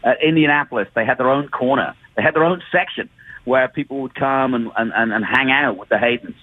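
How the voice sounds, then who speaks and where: A man calling into a motorsport radio show, talking earnestly with halting restarts. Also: medium pitch, dry recording. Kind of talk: casual radio talk. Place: event venue in the field. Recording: tinny phone line.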